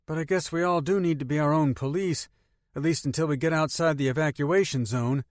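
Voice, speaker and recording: A man playing an earnest teenage girl in an audiobook, his voice raised for her. She speaks softly and sincerely, in a dry, close recording. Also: fairly high pitch, fairly quick, no room sound, pitched above the performer's own voice, close to an everyday voice. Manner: earnest, soft-spoken. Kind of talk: audiobook character voice.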